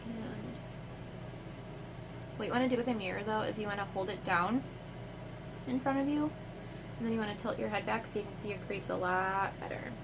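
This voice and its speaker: A woman's voice: medium pitch, moderate pace, pauses often. Congested woman chatting through her makeup. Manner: chatty, apologetic, filler-heavy with "like". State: congested, runny nose. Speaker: beauty vlogger. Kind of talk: casual makeup tutorial chat. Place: home, in front of a mirror. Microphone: phone camera. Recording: home phone video with heater noise. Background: central heating hum.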